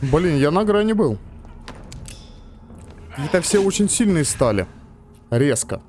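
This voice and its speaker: A man's voice: a little high, very animated, unhurried, a little mellow, slight background noise. A man casually talking to himself while playing a game, muttering and joking about what he sees. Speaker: let's-play gamer. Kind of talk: casual gameplay commentary.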